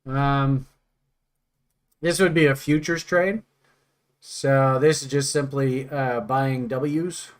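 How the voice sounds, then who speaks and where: Speaking slowly with long pauses, a man with a steady, mid-range voice hosts a trading lesson. He rambles casually, jokes, and thinks aloud, using many fillers along the way.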